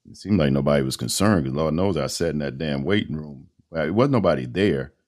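Very deep-voiced man in his fifties. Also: brisk. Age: 50s. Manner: animated storyteller with colloquial phrasing. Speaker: radio host and voice-over artist, podcast guest. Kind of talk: casual interview storytelling.

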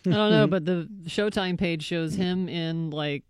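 A man's voice: on the high side, unhurried, clean tone, no room sound. A man co-hosting a morning radio show, chiming in with dry remarks. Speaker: radio co-host. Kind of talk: casual radio banter.

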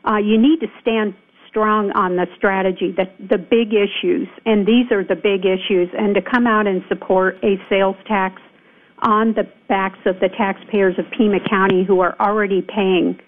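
A woman county supervisor phones in to a radio show for an interview, her mid-range voice fairly even in intonation and moderate in pace. She speaks emphatically and indignantly, with frequent fillers, over a phone line.

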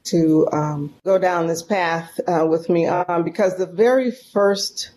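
A woman from San Francisco, a guest in an interview, telling a story in a folksy, animated and emotional way. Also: fairly low pitch, takes it slowly, a little hiss or hum. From San Francisco, California. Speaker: podcast guest, professor.

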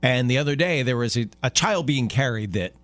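A male co-host chats casually and trades jokes, laughing easily. His pitch moves around a lot, giving his speech a lively, bouncing tone. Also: no echo. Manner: playful, joking, quick to laugh. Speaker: radio co-host. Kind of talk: casual chat.

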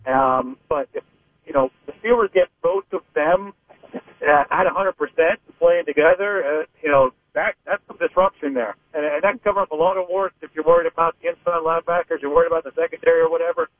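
A man's voice: a little high, brisk, dry recording. A man from Pittsburgh, a sports reporter calling into a radio show, talking in rambling, hesitant sentences full of restarts. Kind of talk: phone-in sports radio analysis. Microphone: phone. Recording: narrow phone line.

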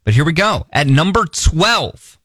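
Lively, laughing radio host man. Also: fairly high pitch, measured pace, no echo, clean studio sound. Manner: laughs easily, teasing. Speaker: radio morning show host. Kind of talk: casual radio banter.

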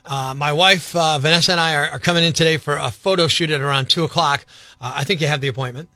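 Guy putting on a nervous hushed dad voice, kinda high, stumbling over words, dry sound. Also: steady tone, fast, no echo, faint music behind. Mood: confiding. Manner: hesitant, hushed, confiding. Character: earnest worried young father on a prank call.

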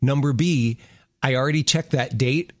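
A man's voice: mid-range voice, normal speed, dry recording, clean studio sound. A middle-aged man co-hosting a radio show, chatting easily about home life and laughing often. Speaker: radio co-host. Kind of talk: casual morning radio chat.

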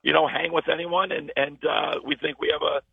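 A hoarse man, a basketball coach, talking earnestly in a radio interview over the phone. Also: fairly high pitch, steady tone, brisk, no room sound. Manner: earnest, repeats himself while starting sentences. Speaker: high school basketball coach. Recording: tinny phone line.

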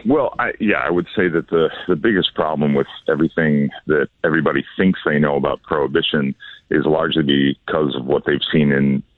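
A man with a very deep voice speaks as a radio guest. He talks earnestly, stumbling and repeating words as he explains things. His voice comes through a tinny, phone-like line. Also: brisk, no echo. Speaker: tour company founder, radio guest. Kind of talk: casual radio interview.

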